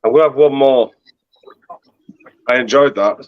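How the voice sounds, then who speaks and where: A chatty man, the host's dad, joins the stream. He talks in a middle pitch and laughs often, and his voice comes through a bit dull and lo-fi. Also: normal speed, no room sound. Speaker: host's father. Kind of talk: casual chat.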